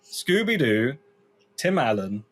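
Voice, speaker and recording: A man co-hosting a comedy podcast, chatting casually and laughing often. His pitch sits mid-range but swings widely as he talks. He pads his sentences with fillers and restarts. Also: very animated, slow, a bit bright. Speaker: podcast co-host.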